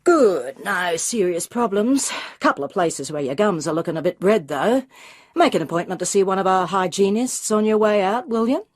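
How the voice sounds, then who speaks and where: A man's voice: sits high, expressive. A woman reading aloud, voicing a fit, offhand male dentist of about forty with an Australian accent. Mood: brisk. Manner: brisk, offhand.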